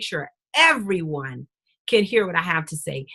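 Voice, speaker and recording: A woman teaching a webinar class on public speaking, emphatic and lively, playing her pitch and pauses to drive home each point. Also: husky. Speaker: speaking coach.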